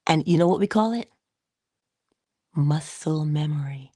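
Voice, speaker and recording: A woman hosting a casual motivational livestream, playful and chatty, slipping into whispery asides and animated quoted voices. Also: a little slow, long pauses, no room sound, clean studio sound. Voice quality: low gravelly husky voice. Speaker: livestream host.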